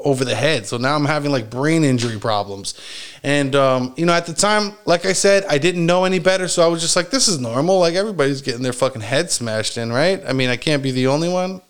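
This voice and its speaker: A man telling a long story from his childhood in a casual, rambling way, swearing often and filling pauses with "like" and "you know". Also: a little high, clean tone. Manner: rambling, heavy swearing, frequent fillers and laughs.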